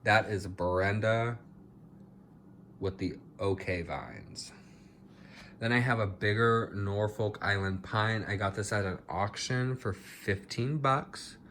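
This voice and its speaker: A man's voice: lowish voice, a bit bright, slight background noise. A man chatting casually through a house plant tour in his home, a little dramatic about how his plants are doing. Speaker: plant vlogger.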